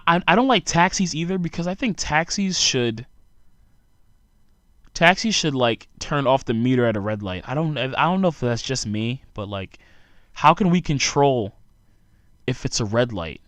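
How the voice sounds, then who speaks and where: A man's voice: medium pitch, animated, moderate pace, fairly bright tone, dry recording. Tired, sarcastic young man ranting, dry sound. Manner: sarcastic, rambling rant with frequent asides. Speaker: podcast host. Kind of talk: solo podcast monologue.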